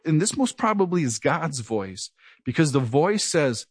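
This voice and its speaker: A man's voice: on the high side, very animated, measured pace, slightly rough, no room sound. A middle-aged man preaching an earnest verse-by-verse Bible teaching, with a slight stutter. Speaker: pastor. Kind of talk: sermon.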